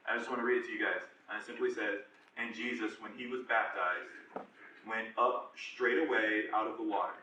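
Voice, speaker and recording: A man in his twenties giving a casual, animated personal testimony as guest speaker at a church group. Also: lowish voice, normal speed, a little hiss or hum. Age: 20s. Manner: casual, conversational, animated retelling with slang. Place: large echoey room at a church singles group. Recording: echoey room, voice from far off.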